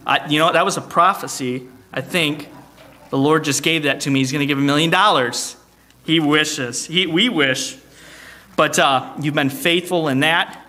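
A man hosting a church service as song leader, making announcements in a playful, teasing way with quick joking asides. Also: a little high, sharp tone. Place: church sanctuary, streamed online.

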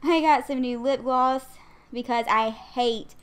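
Giggly girl rambling to her channel, kinda breathless, smooth clear voice. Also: high-pitched, takes it slowly. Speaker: gaming YouTuber. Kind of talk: casual chat.

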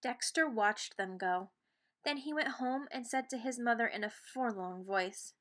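A woman reading a children's picture book aloud, expressive and playful with sound words. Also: fairly high pitch, measured pace. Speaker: read-aloud narrator.

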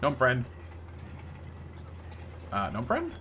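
Man, game streamer, playful chatty commentary, bright tense voice, faint background noise. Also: medium pitch, huge pitch swings, very slow. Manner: playful, chatty, greets viewers. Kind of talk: live gameplay commentary.

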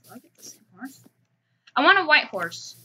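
A woman's voice: sits high, very animated, normal speed, bright, forceful tone. A woman giving casual, playful gameplay commentary, chatting and humming little tunes as she plays. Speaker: gamer.

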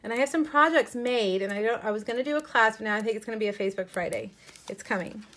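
A woman's voice: fairly high pitch, expressive, fast, fairly bright tone. A middle-aged woman chatting casually on a live stream, showing crafts with enthusiastic asides and frequent ums.

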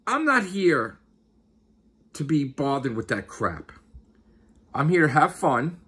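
A man's voice: a little high, sing-song, slow, fairly bright tone, breathy edge. A man who hosts a YouTube channel and podcast, giving an exasperated, profane rant and repeating his questions. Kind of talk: angry ranting vlog.

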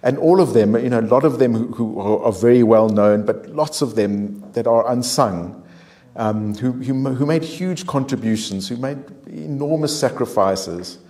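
A man, an author speaking as a guest on a discussion panel, answering in a halting way full of repeated words and restarts. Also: medium pitch, mellow. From South Africa.

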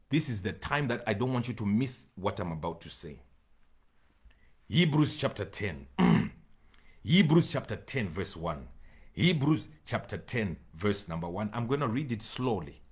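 A man preaching a sermon to his congregation, reading scripture slowly and repeating phrases for emphasis, sometimes pleading with his listeners. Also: lowish voice, sing-song. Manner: addresses congregation directly, pleading. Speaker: pastor.

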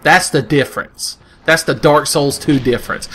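A man's voice: fairly high pitch, very animated, fairly quick, hardly any pauses, a bit bright, a little hiss or hum. A man doing sarcastic, profane comedic commentary over gameplay, ranting and putting on silly voices. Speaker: gaming video host.

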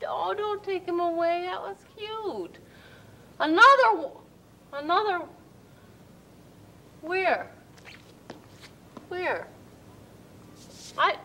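A woman's voice: very high voice, bright, forceful tone. A woman presenting a children's TV show who sounds out letters and words in delighted tones. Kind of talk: slow phonics teaching.

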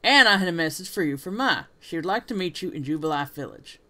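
A man's voice: on the high side, lively intonation, fast talker, sharp tone. A man putting on a smug rival with a Southern drawl. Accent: attempted Southern US. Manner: smug, one-upping. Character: boastful competitive young man, rival to another.

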